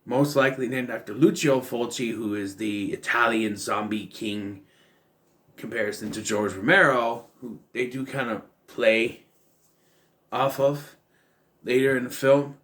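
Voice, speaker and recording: A man's voice: mid-range voice, fairly even intonation, a little slow, fairly bright tone. A man giving a casual, rambling film commentary, full of fillers and restarts. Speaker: film reviewer.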